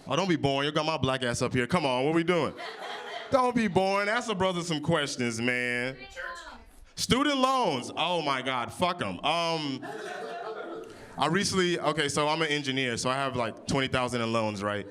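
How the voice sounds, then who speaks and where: A man's voice: fairly high pitch, animated, moderate pace. Brash young man doing crowd-work stand-up. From Oklahoma. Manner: loud, brash, playful crowd work with swearing. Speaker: stand-up comedian. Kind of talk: improvised stand-up comedy. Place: winery comedy stage before a live audience.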